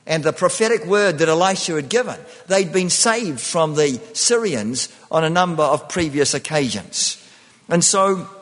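A man's voice: fairly high pitch, a bit bright, long reverb tail. A man preaching a sermon, often repeating himself and restarting phrases.

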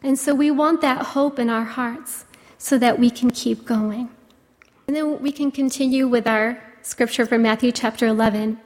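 A woman's voice: a little high, steady tone, moderate pace. Earnest woman preaching in a reverberant hall. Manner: earnest, gentle, many "you know" fillers. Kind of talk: sermon.

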